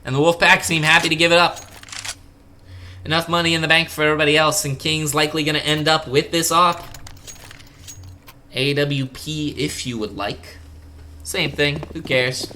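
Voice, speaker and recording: Bright, excitable young male esports caster. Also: a little high, normal speed. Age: young adult. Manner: excitable, jokey, bursts of sudden excitement. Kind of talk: live play-by-play commentary.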